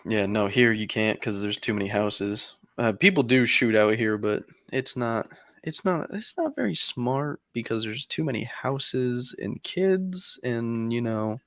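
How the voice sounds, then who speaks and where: A man's voice: mid-range voice, lively intonation, unhurried, gravelly, fairly bright tone, no echo, studio quality. A man co-hosting a podcast, telling a long story in casual chat with lots of fillers and some swearing. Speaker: podcast co-host.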